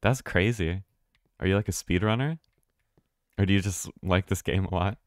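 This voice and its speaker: Low-voiced American man streaming a game. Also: normal speed, dry recording, studio quality. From United States. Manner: chatty, restarts words, swears casually. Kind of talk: live gameplay commentary.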